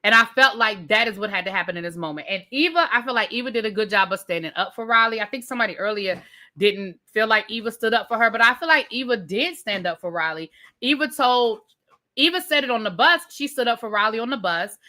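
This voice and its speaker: Bright-voiced woman ranting about TV. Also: on the high side, fast. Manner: animated storytelling, many fillers and restarts; informal, addresses viewers as y'all. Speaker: TV review host. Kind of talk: casual live recap rant.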